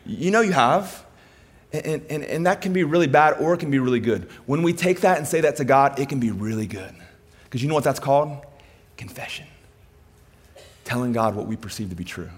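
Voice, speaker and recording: A man preaching a sermon, swinging between soft, intimate passages and loud, high-pitched emphasis.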